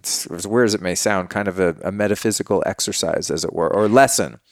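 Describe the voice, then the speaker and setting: Brief: man in his forties, podcast guest, slangy storyteller, deepish voice, dry close sound. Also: quick pace, no echo. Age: 40s. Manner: laid-back, slangy, acts out dialogue in a story. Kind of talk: casual storytelling chat.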